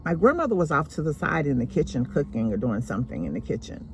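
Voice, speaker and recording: A woman slowly and deliberately telling a painful personal story from her childhood. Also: sits low, sing-song, background noise. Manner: slow, deliberate, emotional retelling.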